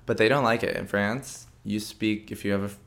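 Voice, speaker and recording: A drag queen with an American accent co-hosting a casual podcast chat, playful and quick to slip into silly put-on voices. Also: rumbling low, steady tone.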